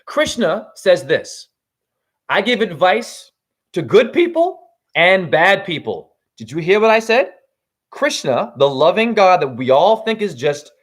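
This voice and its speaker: Casting note: man in his forties, high voice with wide swings, livestream spiritual monologue, profane. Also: big pitch swings, measured pace. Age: 40s. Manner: swings from low preaching to high shouts, swears. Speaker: spiritual teacher.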